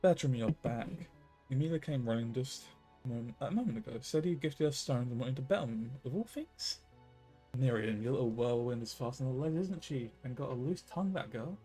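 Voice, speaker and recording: A man voicing a sharp-tongued middle-aged village woman who scolds her relatives, reading game dialogue aloud. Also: medium pitch, animated, fairly quick, husky, soft background music. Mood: scolding. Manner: scolding, reproachful.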